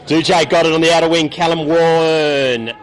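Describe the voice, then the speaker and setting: A man's voice: on the high side, fairly even intonation, normal speed. An Australian man calling play-by-play at a local football match outdoors, trading laughing banter with his co-caller. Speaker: football co-commentator. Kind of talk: live local football commentary.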